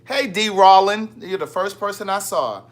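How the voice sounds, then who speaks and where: A man from Maryland runs a laid-back livestream, joking around with his audience while reading their comments aloud. His voice sits high, and he keeps a moderate pace.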